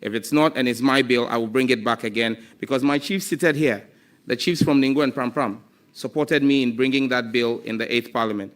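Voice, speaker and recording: A man's voice: mid-range voice, brisk. A man with a Ghanaian accent, a ministerial nominee answering questions at a parliamentary hearing, firm and declarative. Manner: firm and declarative, stating his position. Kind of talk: formal testimony at a hearing.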